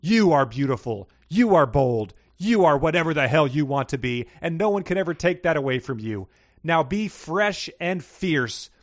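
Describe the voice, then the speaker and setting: A man's voice: on the high side, animated, normal speed, lightly acted. A man voicing a fierce, glamorous female diva who gives a sassy, theatrical pep talk.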